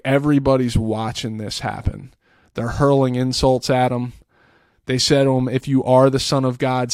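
This man's mid-range, slightly mellow voice carries an earnest, casual retelling of a scripture story on his podcast, with frequent repeated and restarted words. The faith talk is recorded dry, with a clean studio sound.

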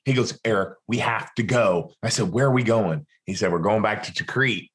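A man's voice: fairly low pitch, brisk, a bit bright. A man, a former military interrogator, telling his story in an interview and acting out the dialogue as he goes. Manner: vivid storyteller who acts out quoted dialogue.

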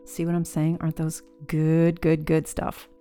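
A woman's voice: deep voice, completely flat delivery, measured pace, warm tone, smooth, faint music behind. A woman hosting a podcast who talks in an emphatic, enthusiastic way. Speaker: podcast host. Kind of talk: podcast commentary.

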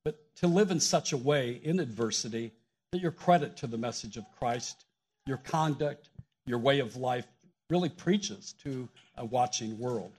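A man with a husky edge to his voice preaches in a church. He explains the passage steadily and plainly, in a mid-range tone. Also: mid-range voice, a little slow, darkish tone. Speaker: guest preacher. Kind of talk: shared sermon, scripture teaching.

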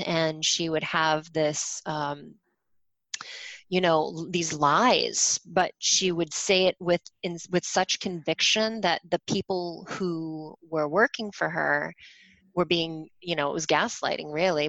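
Female podcast guest, low gravelly voice, loose talk full of fillers, dry close sound. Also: a bit bright, no echo, rough recording. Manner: rambling, with many fillers and restarts. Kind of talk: casual conversation.

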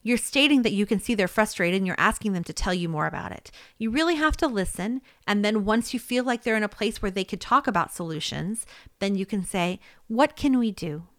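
A woman's voice: mid-range voice, animated, a little fast, fairly bright tone, dry recording, clean studio sound. A woman giving spoken advice on handling upset colleagues, conversational and easygoing, often checking in with "okay?" and "right?" and laughing lightly.

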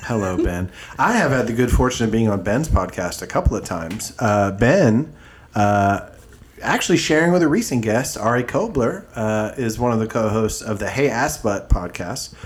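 A man hosting a casual podcast, joking, laughing often and slipping into quick put-on voices. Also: fairly low pitch, animated. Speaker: podcast host.

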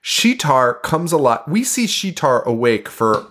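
A man's voice: medium pitch, sing-song, unhurried, a bit bright. Laughing, swearing man in casual chat. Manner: laughing often, swearing, retelling scenes with put-on quotes. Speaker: podcast co-host.

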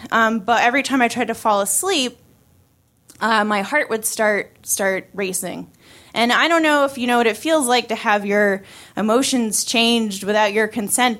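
A woman's voice: medium pitch, fairly bright tone. A woman around thirty telling a personal story live, casual and wry, with many fillers and restarts.

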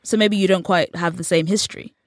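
Brisk and lowish-voiced, an English woman in her thirties works as a journalist and tells lively stories as a guest in a casual interview, imitating the people she quotes. The studio-quality recording has no room sound.

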